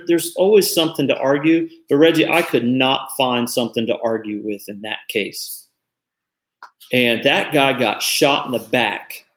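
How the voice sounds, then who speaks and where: A man's voice: mid-range voice, fairly bright tone, reverberant. A man in his forties hosting a talk show, speaking earnestly and reflectively in casual commentary. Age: 40s.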